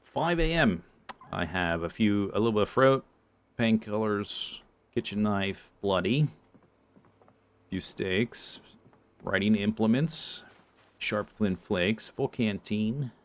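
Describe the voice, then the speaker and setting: A man with a fairly low voice chats casually over his gameplay. He ribs his audience in a dry, mock-offended way and mutters through item lists as if thinking aloud. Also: slow pace, pauses often. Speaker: streamer.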